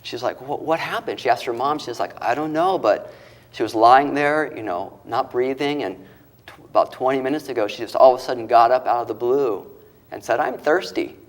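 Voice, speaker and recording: A man's voice: medium pitch, fairly quick. A male author and interview guest who retells moving stories, acting out the quoted voices and getting choked up. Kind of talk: emotional storytelling interview.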